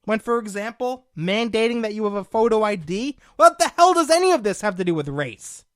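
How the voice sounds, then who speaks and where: An indignant young man hosting his own political talk show, voice swinging widely between loud outrage and low mutters. He talks combatively and sarcastically, calling his listeners folks. The sound is dry and close, with no room around it. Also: expressive, brisk, no echo. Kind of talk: opinionated political commentary.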